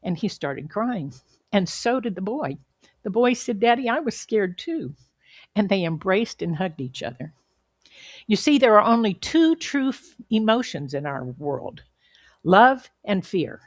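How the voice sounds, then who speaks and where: A woman giving an inspirational sermon as a guest speaker, telling a story in an earnest, measured way with emphatic pauses. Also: mid-range voice, very animated, dry recording. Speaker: guest speaker at a spiritual center.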